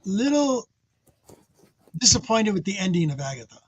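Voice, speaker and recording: A man hosting a casual livestream, upbeat, tossing in quick short affirmations. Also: high voice, sing-song, slightly rough, no room sound, dull audio. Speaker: livestream host. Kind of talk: casual chat.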